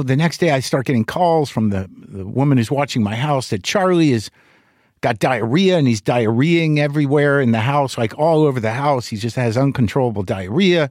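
A man's voice: mid-range voice, a little mellow, no echo, clean studio sound. A middle-aged man hosting a podcast, telling a candid story in a rambling, profane way with lots of restarts. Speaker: podcast host. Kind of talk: casual monologue.

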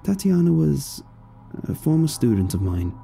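A man narrating a storybook, voicing a calm middle-aged woman who gently reassures her husband. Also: on the high side, moderate pace, gravelly, soft background music, voice pushed up. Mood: explaining.

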